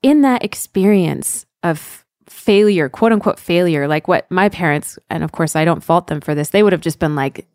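A woman's voice: lowish voice, animated, normal speed, hardly any pauses, a little mellow, no echo, clean studio sound. A woman in her thirties, a podcast co-host, speaking candidly and earnestly about parenting. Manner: earnest, candid, with fillers like "you know". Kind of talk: reflective podcast conversation.

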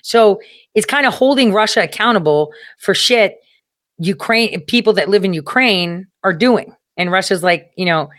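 Ein Moderator mit einer durchschnittlich hohen Stimme plaudert locker und weitschweifig in einem trockenen, hallfreien Raum. Er füllt Pausen mit vielen Füllwörtern, flucht gelegentlich und lacht immer wieder kurz auf. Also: mid-range voice, expressive, fairly bright tone, dry recording, clean studio sound. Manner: rambling, with filler words, profanity and chuckles. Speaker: commentary show host. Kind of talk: casual political commentary monologue.

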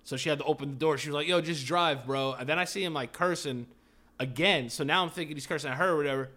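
Bright-voiced man telling a profane story. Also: fairly high pitch, racing. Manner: animated, profane, laughing storyteller. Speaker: podcast host. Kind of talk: casual storytelling chat.

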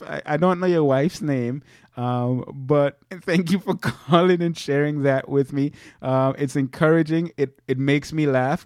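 A man's voice: medium pitch, a little mellow, no echo. Guy chatting on his podcast from his little home office, laughs a lot, super dry sound. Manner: chatty, laughs often, repeats words. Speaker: podcast host. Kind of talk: casual solo podcast talk. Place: small home office studio.

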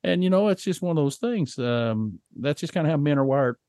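A man's voice: a little high, expressive, brisk, mellow, no echo, studio quality. A man in his fifties co-hosting a podcast, chatting in a folksy way with storytelling asides. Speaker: podcast co-host. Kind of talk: casual chat.

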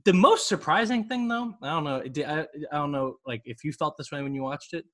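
A man with a slightly high voice, talking a little fast, hosts a women's basketball podcast. He reads ads and chats casually, joking and drifting into rambling asides.

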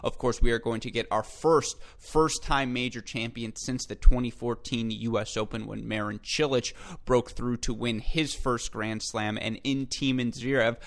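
An enthusiastic man hosting his own podcast alone, with a voice of ordinary middle pitch. He talks straight to his listeners, calls them folks, and often stops to fix a word mid-sentence. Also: fairly even intonation, moderate pace. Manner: frequent self-corrections and filler. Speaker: podcast host. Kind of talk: solo tennis podcast commentary.

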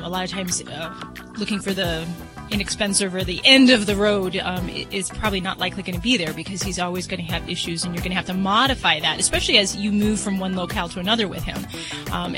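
Measured woman giving pet allergy advice. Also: mid-range voice. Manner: measured, with frequent fillers. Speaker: veterinary expert guest. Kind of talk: radio call-in advice.

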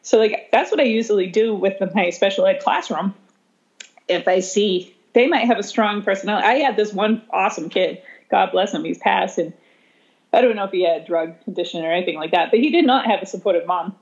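A woman special education teacher telling a story in conversation, animated, laughing often and voicing the people she quotes. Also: mid-range voice, brisk. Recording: slightly dull lo-fi sound.

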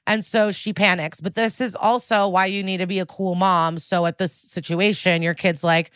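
A woman's voice: on the low side, normal speed, hardly any pauses, smooth, dry recording. Dry-voiced woman podcast host recapping. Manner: animated, acts out characters' lines; swears freely and editorializes. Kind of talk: casual chat.

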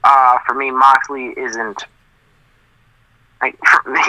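Bright, dry-sounding man on a phone line. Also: medium pitch, level tone, dry recording. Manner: halting, filler-heavy, blunt and dismissive. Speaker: podcast co-host. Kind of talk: casual wrestling opinion chat.

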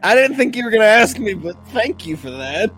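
A man co-hosting a casual sports talk show, ranting in a profane, animated way. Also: high-pitched, brisk, music in the background. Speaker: podcast co-host.

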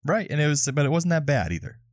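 A man's voice: on the high side, sing-song, fast talker, dry recording, clean studio sound. A man co-hosting a casual podcast, easygoing and laughing often. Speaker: podcast co-host.

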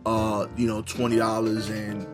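This New York man speaks in a lowish, monotone voice at an unhurried pace, with music playing in the background. He tells a funny personal story conversationally, full of wry asides and many "you know" fillers.

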